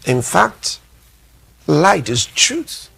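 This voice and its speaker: A man preaching a sermon, emphatic, repeating his phrases and reading scripture slowly. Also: on the high side, sing-song, creaky, sharp tone, breathy edge. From Nigeria. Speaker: pastor.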